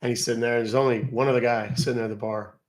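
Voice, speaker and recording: A man's voice: medium pitch, steady tone, very fast, low-quality recording. A man hosting a live stream, telling a dad joke in a jokey manner. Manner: jokey, laughs at his own joke. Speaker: host.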